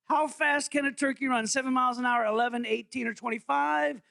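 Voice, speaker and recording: High-pitched gravelly pastor dude joking around with the congregation during a sermon. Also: male voice, brisk, hardly any pauses, pushed and bright. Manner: playful, quizzing the congregation. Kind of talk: interactive sermon. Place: church sanctuary.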